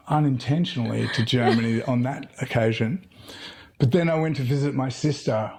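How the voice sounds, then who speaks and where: A man's voice: mid-range voice, normal speed, gravelly, a little mellow, slightly rough. A middle-aged man, from Tasmania, talking casually as an interview guest and rambling through stories with many fillers and restarts. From Tasmania, Australia.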